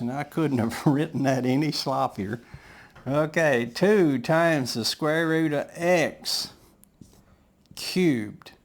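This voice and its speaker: A man teaching a math lesson, talking patiently through each step of his working aloud. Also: a little high.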